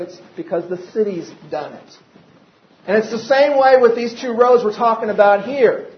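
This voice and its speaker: A man preaches in a high, light voice, pressing his points with repeated questions. The sound is roomy and a little muffled, like a lo-fi recording made in a church sanctuary. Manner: preaching with rising emphasis and repeated rhetorical questions. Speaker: pastor. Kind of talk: sermon.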